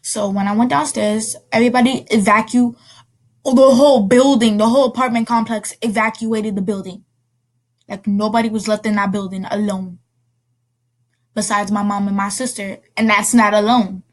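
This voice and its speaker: In a steady, mid-range voice, a woman vlogs about something from her own life, her telling loose and casual. She wanders as she talks and keeps correcting herself with brief asides.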